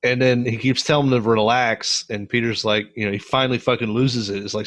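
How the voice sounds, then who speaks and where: Mężczyzna, współprowadzący podcast, wulgarny, żywo opowiada sceny, średni głos. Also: male voice, medium pitch, brisk. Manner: profane, animated retelling of scenes. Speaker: podcast co-host. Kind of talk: casual movie review chat.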